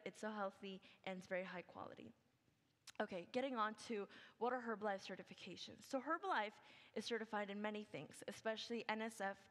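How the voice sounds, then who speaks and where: A woman's voice: mid-range voice, fairly bright tone. A young adult woman giving a senior project presentation, chatty and upbeat, full of "like" and "okay". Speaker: student presenter. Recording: long hall reverb.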